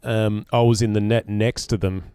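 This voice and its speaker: Aussie guy yarning about cricket, lots of ums n restarts, clear voice, dry mic. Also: fairly low pitch, little pitch movement, normal speed, dark tone, no echo. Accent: Australian. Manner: hesitant, many ums and restarts. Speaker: cricket podcast co-host, former player. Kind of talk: casual chat, storytelling.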